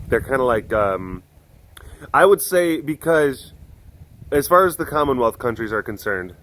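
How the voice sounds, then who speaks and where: A man talking casually on his video channel, pausing often with fillers. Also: medium pitch, expressive, fairly bright tone, a little hiss or hum. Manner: hesitant, full of pauses and fillers. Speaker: vlogger. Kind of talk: casual chat.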